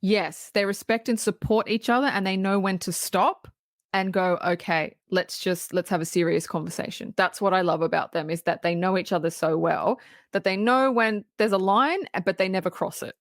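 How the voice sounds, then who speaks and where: A woman co-hosting a podcast, retelling film scenes in an animated, casual way. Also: medium pitch, moderate pace, no echo, clean studio sound. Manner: animated retelling with quoted lines. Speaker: podcast co-host. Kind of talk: casual movie review chat.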